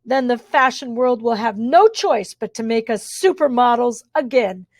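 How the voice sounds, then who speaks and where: Brief: a woman putting on snooty storybook villain twins, loud, ranting, higher and brassier than her reading voice. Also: lively intonation, normal speed, no room sound, clean studio sound. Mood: haughty rant. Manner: haughty, ranting villains speaking in unison. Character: vain scheming thin twin sisters, ex-models. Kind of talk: storybook read-aloud.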